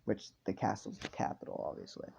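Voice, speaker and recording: A man casually telling an improvised story, rambling with many fillers and restarts. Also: fairly quick. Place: home room. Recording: dull lo-fi home mic with faint noise.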